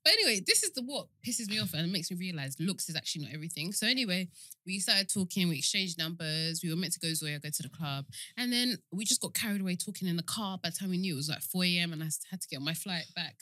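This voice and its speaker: Animated woman telling a story. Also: lowish voice, fast talker, no room sound. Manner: animated storyteller, laughs often, acts out quotes. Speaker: podcast co-host. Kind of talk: casual chat storytelling.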